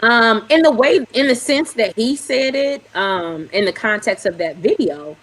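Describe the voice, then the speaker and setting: A woman's voice: on the high side, lively intonation, measured pace, a bit bright, rough recording. A woman guest on a casual talk show, candid and sometimes searching for words.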